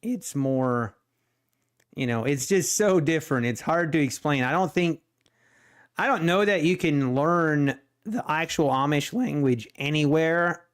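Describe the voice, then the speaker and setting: A man's voice: on the high side, a little slow, clean tone. A man in his thirties with a Pennsylvania Dutch accent, rambling and thinking aloud while commenting on his live trading. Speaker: day trader streamer.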